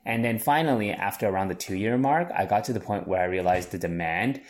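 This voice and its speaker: A man's voice: fairly low pitch, fairly quick. A man in his thirties, a chef and business owner, answering interview questions earnestly with frequent restarts.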